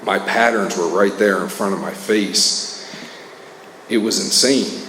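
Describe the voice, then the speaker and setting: A man's voice: on the low side, unhurried, fairly bright tone. A man speaking at a recovery meeting, sharing a candid, earnest personal testimony full of casual fillers. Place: meeting hall. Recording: echoey hall with faint noise.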